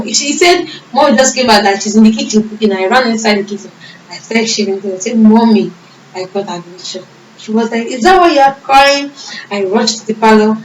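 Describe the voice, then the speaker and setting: A young Nigerian woman with a fairly high voice tells her story of faith earnestly, acting out what people said. She sits some way from the mic in an echoey room, with faint background hum. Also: distant mic. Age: young adult. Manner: earnest, emotional storytelling with reported dialogue. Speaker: vlogger. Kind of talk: personal testimony.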